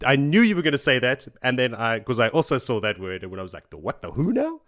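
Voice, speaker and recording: A man's voice: mid-range voice, expressive, fast talker, a bit bright. A man casually recapping a fantasy book chapter by chapter on a podcast, rambling and laughing as he acts out the characters' lines. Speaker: podcast host.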